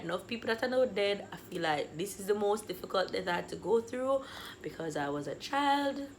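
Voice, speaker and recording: A woman's voice: mid-range voice, a little hiss or hum. A woman, vlogging a personal story with dramatic swings and acted-out dialogue. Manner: acts out quoted dialogue. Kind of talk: storytime vlog.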